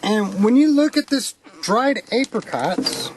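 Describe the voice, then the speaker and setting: A woman talking candidly to the camera outdoors at an oil well site, chatty and rambling, quick to laugh. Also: fairly high pitch, animated. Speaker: vlogger. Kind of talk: candid personal vlog. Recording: noisy outdoor recording.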